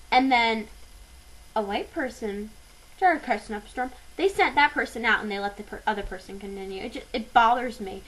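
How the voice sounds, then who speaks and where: A woman's voice: fairly high pitch, a bit bright, low-quality recording. A teenage girl ranting into her webcam in a fired-up vlog, with lots of fillers and hesitations. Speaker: vlogger.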